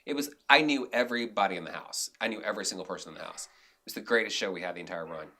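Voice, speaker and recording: Bright-voiced man telling animated stories. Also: low voice, racing. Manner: animated storyteller, many restarts and "like"s. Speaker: guest, director and actor. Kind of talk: casual interview storytelling.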